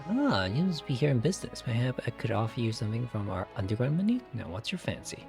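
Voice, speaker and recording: Man playing a quick, lively tavern keeper, salesy and sly, mid voice. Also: mid-range voice, creaky, music in the background. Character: chatty male tavern keeper, sly and hospitable.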